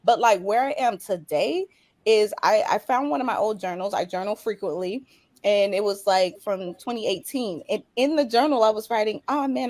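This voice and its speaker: A woman's voice: medium pitch, no echo. A woman guest talking in a passionate, motivational way about her own journey, voice rising with emotion. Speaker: guest, business coach. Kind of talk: casual interview chat.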